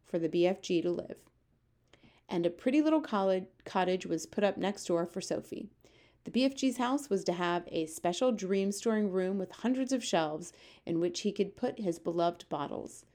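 A woman reading a children's book aloud with steady, expressive storytelling. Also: mid-range voice. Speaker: reader.

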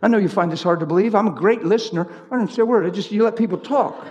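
A man preaching a sermon in an animated way, swinging from high shouts down to low storytelling. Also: fast talker, lo-fi sound, a little hiss or hum. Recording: long hall reverb.

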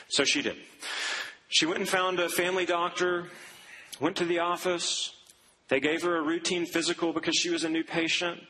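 A man preaching a sermon, telling a story and acting out the people in it, dropping low and slow for the grave lines. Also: fairly even intonation, bright, forceful tone, slight background noise, low-quality recording. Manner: acts out quoted voices, drops low and slow for grave lines. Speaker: pastor.

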